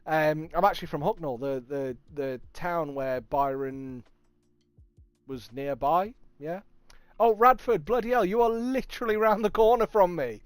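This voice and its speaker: A man with a Nottingham accent hosting a casual livestream, chatting, swearing freely and thanking viewers with bursts of excitement. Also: fairly high pitch, measured pace, smooth, no echo. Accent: Nottingham English. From England. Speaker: livestream host. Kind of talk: casual livestream chat reading viewer comments.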